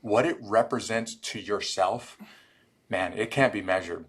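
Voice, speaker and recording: With a lowish, slightly rough voice and an unhurried pace, a middle-aged former Army Ranger recounts stories on a podcast interview. He brings them to life by acting out the quoted lines.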